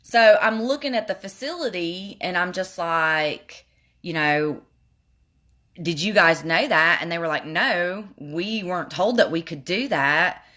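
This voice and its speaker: Bright-voiced woman venting while doing makeup. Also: fairly low pitch, measured pace. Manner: frustrated, animated storytelling with swearing. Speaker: beauty vlogger. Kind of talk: makeup tutorial with venting story.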